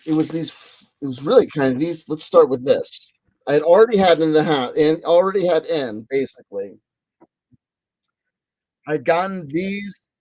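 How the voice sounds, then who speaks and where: Male vlogger, somewhat high voice, talks in excitable self-mocking loops, dead-dry room sound. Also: breathy edge, dry recording. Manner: excitable, repeats himself, swears; self-mocking, laughing asides. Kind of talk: rambling casual monologue.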